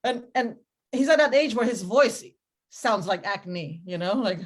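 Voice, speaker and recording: A woman's voice: fairly high pitch, lively intonation, unhurried. Giggly, rambling woman doing stand-up. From Cambodian family. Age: middle-aged. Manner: rambling, self-interrupting with giggles. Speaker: stand-up comedian. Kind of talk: stand-up set. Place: comedy club stage with audience.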